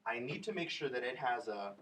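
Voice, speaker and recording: A woman's voice: rumbling low, expressive, fairly quick. A female teacher leading a vocabulary lesson for second graders, encouraging them with questions. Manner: encouraging, prompting children with questions. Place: classroom with children. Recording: noisy classroom full of children. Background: children chattering.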